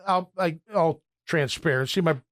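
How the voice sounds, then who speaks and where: High-voiced opinionated male sports host. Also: normal speed, fairly bright tone. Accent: American. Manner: rambling, opinionated, frequent restarts. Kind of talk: casual sports talk.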